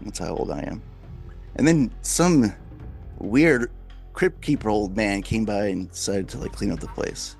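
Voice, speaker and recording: A man's voice: on the low side, a little slow, gravelly, slightly rough, faint music behind. A man from the New York area hosting a casual podcast, telling stories with swearing and acted-out quotes. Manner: profane, animated storytelling with acted-out quotes. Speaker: podcast host.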